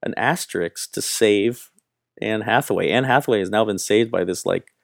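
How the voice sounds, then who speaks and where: A man's voice: fairly low pitch, normal speed, gravelly, dry recording, clean studio sound. A man co-hosting a podcast, talking about films in a casual, opinionated and emphatic way. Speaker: podcast co-host, film critic. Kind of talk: casual film review chat.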